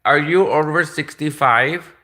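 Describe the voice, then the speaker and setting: A man's voice: measured pace, bright, forceful tone. A man voicing a pushy, indignant male phone scammer with a put-on Indian accent and insistent sales patter. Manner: insistent sales patter, turns shrill and defensive.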